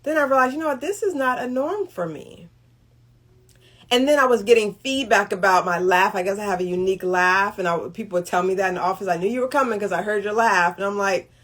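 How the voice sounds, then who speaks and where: A woman's voice: a little high, moderate pace, fairly bright tone. A middle-aged woman hosting a motivational talk on relationships, speaking conversationally and often checking in with "right?". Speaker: host.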